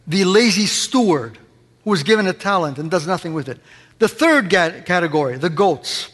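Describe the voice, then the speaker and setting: A man preaching a sermon with impassioned, emphatic delivery, swinging between loud cries and quiet asides. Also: high-pitched. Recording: long reverb of a large hall.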